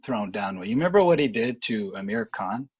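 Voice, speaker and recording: Man with a husky, muffled voice. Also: lowish voice, lively intonation. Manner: rambling, halting with many fillers and restarts. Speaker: boxing analyst guest. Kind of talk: casual podcast chat.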